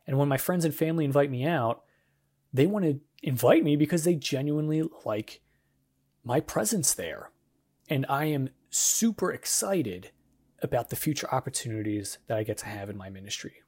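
A man's voice: a little high, animated, moderate pace, darkish tone, husky. A young man hosting a devotional podcast, talking in an earnest, encouraging, conversational way. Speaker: podcast host. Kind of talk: casual devotional podcast monologue.

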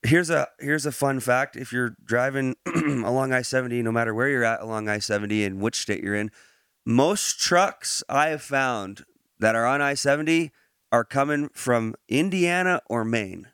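A man hosting a podcast, moving from relaxed chat into a Bible teaching, laughing easily and using many fillers and restarts. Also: mid-range voice, normal speed, clean tone, dry recording, studio quality.

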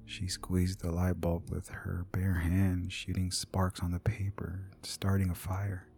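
A male narrator tells a scripted horror story in a low, gravelly, mellow voice. He often drops to a hushed near-whisper, with faint music underneath. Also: monotone, slow pace. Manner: hushed, half-whispered delivery.

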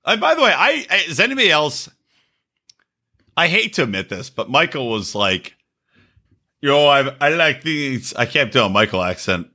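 A man's voice: mid-range voice, a little fast, husky. A man co-hosting a comedy podcast, telling stories animatedly with plenty of swearing and laughter. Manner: animated, profane, laughing storyteller. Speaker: podcast co-host. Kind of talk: casual comedic show-review chat.

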